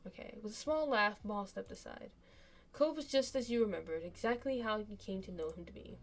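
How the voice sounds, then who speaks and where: A woman's voice: mid-range voice, a little fast, a little hiss or hum. A woman streamer casually narrating a story game, reading the text aloud and chatting between passages.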